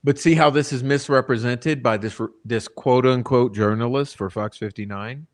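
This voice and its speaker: Male channel host, mid-pitched voice, swears freely, talks to his viewers in an exasperated rant. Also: normal speed. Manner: profane, blunt, exasperated; addresses the chat directly. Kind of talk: ranting true-crime commentary.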